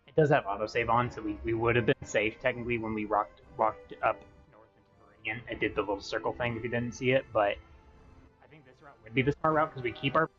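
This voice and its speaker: A young man chats on a live game stream from home, rambling and excitable, sometimes leaping into high-pitched yelling. The audio is dull and lo-fi, with faint music underneath. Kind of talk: casual live-stream chat.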